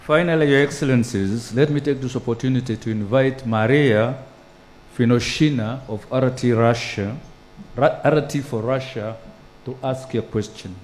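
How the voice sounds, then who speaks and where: A man's voice: medium pitch, moderate pace, a little mellow, slight background noise. A man moderating a press conference, formally inviting reporters to ask questions. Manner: formal and courteous.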